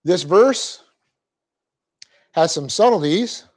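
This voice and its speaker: Male pastor-teacher, slightly high voice, slow deliberate dictation, wry asides. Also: animated, darkish tone. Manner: dictates punctuation slowly, joking asides. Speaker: pastor teaching a Bible class. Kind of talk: verse-by-verse Bible teaching. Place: church classroom.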